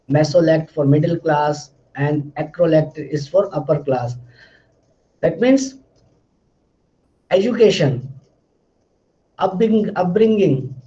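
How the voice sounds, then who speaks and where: A man's voice: fairly high pitch, dark tone, highs cut off. A man giving a recorded lecture, explaining patiently and often restating his phrases.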